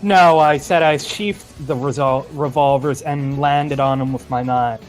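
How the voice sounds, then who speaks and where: A man's voice: mid-range voice, steady tone, a little slow, faint music behind. A young man as a player in a tabletop game, talking casually with hesitations. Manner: hesitant, filler-heavy.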